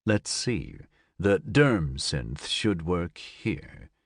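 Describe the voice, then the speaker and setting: A patient, kindly man talks someone down in a sci-fi audiobook, as a male narrator voices him. His voice is low and quiet. It is recorded dry and close. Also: very animated, extremely slow, creaky, breathy edge, dry recording, full character voice. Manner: soft-spoken, soothing, reassuring. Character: calm, kind grown man, patient and gently amused.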